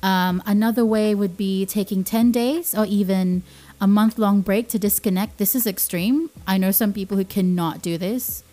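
A woman's voice: medium pitch, normal speed, mellow. Earnest young woman hosting a podcast. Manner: earnest, repeats key points for emphasis. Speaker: podcast host. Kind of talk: casual informative talk.

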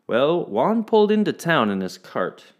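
A man telling a folk tale in an expressive, playful storytelling manner. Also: a little high, a little slow.

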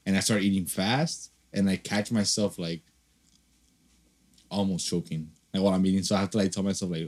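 A man's voice: sits low, fairly even intonation, a little fast, darkish tone. A man telling rambling stories in casual podcast chat, full of fillers and swearing. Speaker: podcast co-host.

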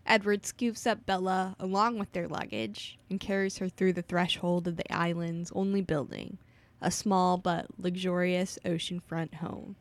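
A woman co-hosting a podcast, narrating a novel's events in a steady, even way. Her voice sits slightly low for a woman. She drops in short reactions to her co-host's jokes. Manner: steady storytelling recap with quick reactions. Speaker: podcast co-host. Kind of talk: casual chat and book recap.

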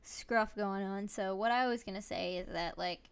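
A woman's voice: mid-range voice, normal speed, clear, resonant tone. A woman hosting a podcast, chatting casually with a playful, teasing, giggly manner. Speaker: podcast host. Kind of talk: casual chat.

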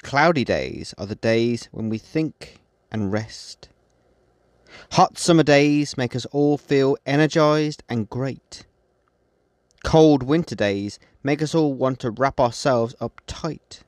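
Guy reading his poems slow and steady, dry close mic, no room sound at all. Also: mid-range voice, no room sound. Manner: measured recitation, then halting unscripted outro with many fillers. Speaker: poet and podcast host. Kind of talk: poetry reading.

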